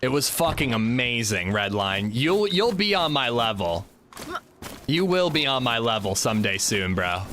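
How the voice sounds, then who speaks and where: Male streamer, casual chatty gamer, bright and lively delivery. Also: mid-range voice, moderate pace, a little hiss or hum. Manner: chatty, animated, reads chat aloud. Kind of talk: casual livestream chat while gaming.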